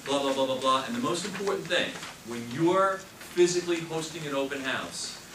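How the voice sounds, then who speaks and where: Male trainer, forceful coaching delivery, recorded from across an echoey room with background noise. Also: a little high, animated, moderate pace. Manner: emphatic, repeats key phrases, coaching tone. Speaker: real estate sales trainer. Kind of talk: classroom training talk. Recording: echoey room, mic far off, noisy.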